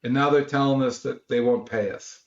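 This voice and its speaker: Animated man telling a story, roomy sound. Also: medium pitch, moderate pace, lo-fi sound. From Los Angeles. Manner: animated storyteller, acts out shouted quotes. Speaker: author guest. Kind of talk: storytelling interview.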